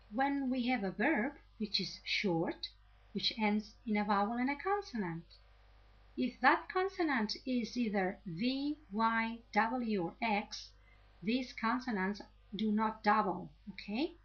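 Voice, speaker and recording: A woman's voice: fairly high pitch, expressive, slow. A woman teaching an English grammar lesson, explaining patiently and checking in with "okay?" after each point. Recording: slightly dull lo-fi audio.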